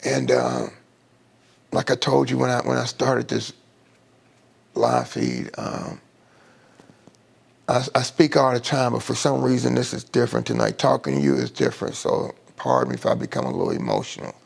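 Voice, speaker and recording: A middle-aged man sharing his recovery story in an emotional personal testimony on a live stream, halting often and restarting his sentences. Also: medium pitch, very animated, creaky, breathy edge. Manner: halting, with many restarts and fillers.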